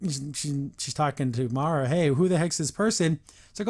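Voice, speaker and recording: A man hosts a podcast, reviewing an episode in casual, opinionated chatter. His voice sits slightly high, and he often jumps into lively put-on character lines before dropping back into commentary. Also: normal speed.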